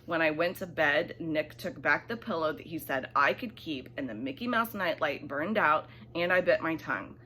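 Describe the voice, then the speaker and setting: A woman reading a children's bedtime story aloud, animated and expressive, with soft hushed asides. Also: low voice, normal speed, hardly any pauses, slight background noise.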